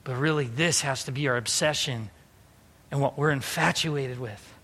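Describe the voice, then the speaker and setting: A man in his thirties preaching a sermon, telling personal stories and moving between quiet reflective passages and loud, emphatic calls to his listeners. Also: mid-range voice, normal speed. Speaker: pastor. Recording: long hall reverb.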